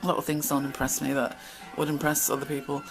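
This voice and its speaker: A woman's voice: sits low, flat delivery, fast talker, music in the background, rough recording. A middle-aged woman telling stories from her past in a casual, blunt monologue. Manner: chatty, blunt, acts out quoted exchanges. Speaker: channel host.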